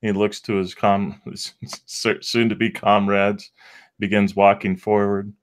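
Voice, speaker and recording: Lowish-voiced man narrating his character. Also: level tone, takes it slowly. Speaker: player. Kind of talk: narrating a tabletop game.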